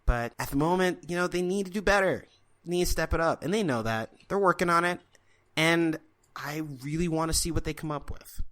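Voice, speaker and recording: A man's voice: on the high side, brisk, a bit bright. A man co-hosting a podcast, talking casually and at length with strong opinions and many fillers. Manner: opinionated, rambling, filler-heavy. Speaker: podcast co-host. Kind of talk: casual chat.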